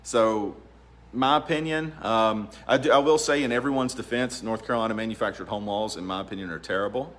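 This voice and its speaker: A man's voice: on the low side, brisk. A man, an attorney giving casual, rambling advice and laughing often. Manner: relaxed, rambling, laughs often, many ums. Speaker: real estate attorney. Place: law office.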